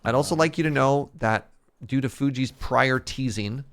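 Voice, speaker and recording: Gravelly-voiced man chatting on stream. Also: medium pitch, moderate pace, fairly bright tone. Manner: laughs easily, chatty storytelling. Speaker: streamer host. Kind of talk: casual chat while gaming.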